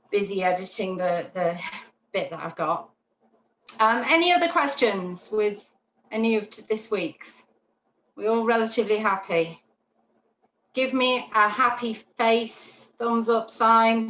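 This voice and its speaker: A woman teaching a dog training class over a video call, chatty and animated, often checking in with "yeah?". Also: a little high. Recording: roomy, dull lo-fi call audio with faint noise.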